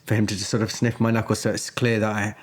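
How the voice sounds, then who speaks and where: A man with a fairly low voice, taking part as a player in a horror tabletop game. He talks through what his character does, stammering and repeating words as he goes. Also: level tone, fast. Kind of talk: in-character tabletop role-play.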